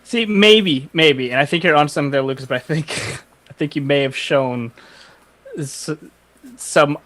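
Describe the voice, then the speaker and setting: Male host, higher register, confident, opinionated, playful. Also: a little slow, a bit bright. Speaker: podcast host. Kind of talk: casual podcast chat.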